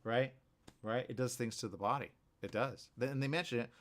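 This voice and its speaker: A man hosting a radio morning show, talking casually in a rambling, animated way full of restarts and asides. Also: mid-range voice, a little fast. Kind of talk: casual talk show monologue.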